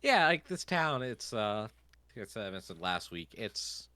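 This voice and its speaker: A man's voice: lowish voice, very animated, moderate pace, sharp tone, clean tone, dry recording. A man narrating as game master, rambling with lots of fillers.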